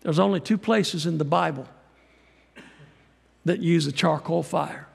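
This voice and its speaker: A man preaching a sermon as a pastor, folksy and animated, acting out quotes as he goes. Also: a little high, unhurried, gravelly, slightly rough, long reverb tail. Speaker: pastor and missionary.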